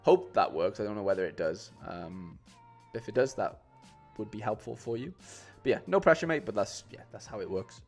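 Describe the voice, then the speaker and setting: A man's voice: lowish voice, expressive, normal speed, few pauses, soft background music. A man chatting casually on a live stream, rambling with lots of fillers and restarts and calling his viewers "mate". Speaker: streamer building fantasy football lineups.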